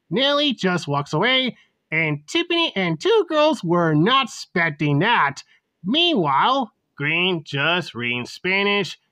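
A woman's voice: on the low side, pushed and bright, dry recording. A woman narrating a homemade school story in a plain, unpolished way.

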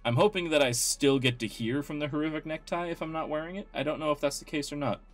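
A man's voice: a little high, fast, soft background music. A man hosting a let's play, commenting casually and with amusement as he reads dialogue aloud.

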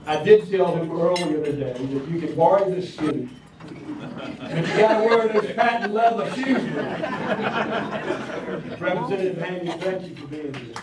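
A man's voice: sits high, lively intonation, normal speed, long pauses, over a noisy crowd. A man in his sixties with a Southern American accent, giving a folksy public speech with hesitant fillers at a breakfast event. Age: 60s. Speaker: county commissioner speaking at a public event. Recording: echoey hall, picked up from a distance. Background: clinking cutlery and dishes.

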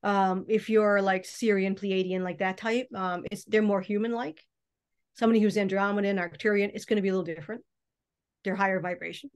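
In a relaxed podcast chat, recorded in a studio or remotely, a mystic guest rambles, hesitating and starting over repeatedly. She has a mid-range voice, a steady tone, and a fairly quick pace.

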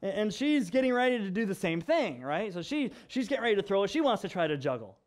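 A young adult man, a pastor, telling stories in an animated sermon that moves from hushed to loud. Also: high-pitched, fast. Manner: animated storyteller, swings from hushed to loud and laughing. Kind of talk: storytelling sermon.

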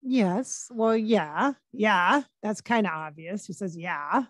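A woman working as a psychic medium, talking casually and relaying quotes in her own plain voice with frequent pauses and restarts. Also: mid-range voice, animated, fairly bright tone, no room sound. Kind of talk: casual channeling session monologue.

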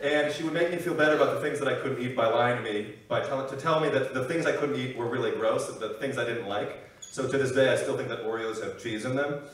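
A young man performing a stand-up set with impressions, animated and self-deprecating. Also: medium pitch, fast talker. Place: live comedy stage with audience. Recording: echoey room, distant mic, noisy.

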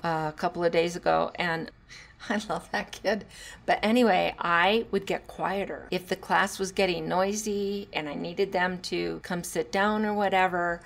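A woman hosting a solo podcast and talking through parenting advice. She is a former teacher, and she moves between hushed asides and bursts of laughter. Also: lowish voice, creaky. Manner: animated, drops to hushed tones and laughs while telling stories. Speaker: podcast host.

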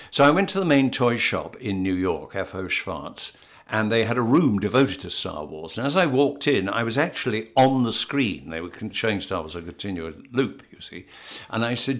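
Lively in intonation and speaking at normal speed, this older actor from England has a low, fairly bright voice. As an interview guest he tells anecdotes, often stammering and restarting, and laughs along the way.

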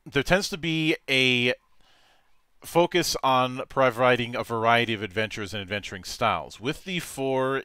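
A man's voice: medium pitch, sharp tone, clean tone, dry recording, studio quality. A man hosting a casual interview and telling joking stories about his game table. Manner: joking, storytelling. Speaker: interview host, game master.

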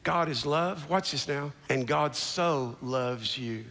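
A man preaching a sermon as a church's founding pastor on a large stage, swinging from low murmurs to shouted declarations. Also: slow pace, in a large hall.

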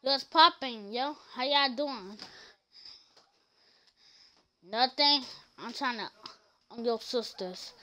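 A woman streamer plays out silly skits in a high, bright voice. She talks slowly between loud, playful shouts. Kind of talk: comedic skits with character voices.

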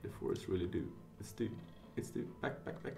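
A man streaming live, thinking aloud, reading chat and getting excitable. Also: lowish voice, fairly quick, creaky. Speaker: casino streamer.

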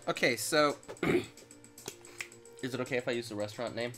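A man's voice: medium pitch, moderate pace, fairly bright tone, faint music behind. A young man co-hosting a casual gaming chat, telling a story with teasing asides and laughter. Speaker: co-host.

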